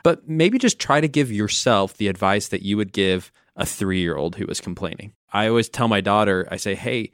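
A middle-aged father co-hosting a faith podcast, speaking in a practical, warm, advising manner. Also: fairly low pitch, moderate pace, few pauses, no echo, clean studio sound. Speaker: pastor co-host. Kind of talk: podcast conversation.

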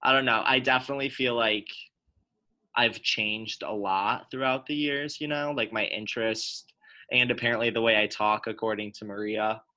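Young adult man, bright tone, loose chatty delivery, friend-group banter. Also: fairly low pitch, moderate pace. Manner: relaxed, chatty, peppered with "like". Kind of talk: casual chat among friends.

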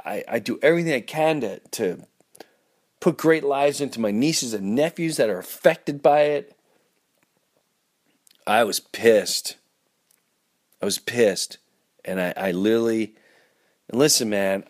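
A man hosts a podcast and tells a long personal story. His pitch swings widely, climbing high in excited moments and dropping low and quiet for effect. He rambles and restarts often. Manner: animated, dramatic storyteller. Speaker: podcast host.

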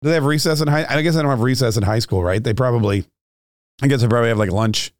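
Speaking rapid-fire at a medium pitch, this political podcast host rambles through jokes and self-deprecating asides. He frequently restarts and lets sentences trail off, and the studio-quality audio carries no echo.

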